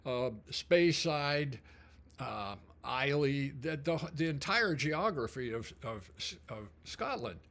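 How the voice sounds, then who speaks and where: An older man telling a personal memory in a casual, rambling way, full of fillers and throat clearing. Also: medium pitch, animated, slow pace, a bit bright. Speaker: storyteller. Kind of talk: casual storytelling.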